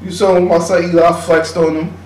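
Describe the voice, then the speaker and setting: A man's voice: high voice, little pitch movement, brisk, a little mellow. A man co-hosting a casual sports chat, running through old draft picks in loose, slang-heavy banter. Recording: echoey room with faint background noise.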